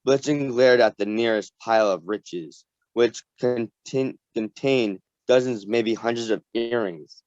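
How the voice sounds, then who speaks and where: A man reading a novel aloud to a community reading group, halting and often restarting words. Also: mid-range voice, darkish tone, no room sound. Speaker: story reader. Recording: dull dry lo-fi recording.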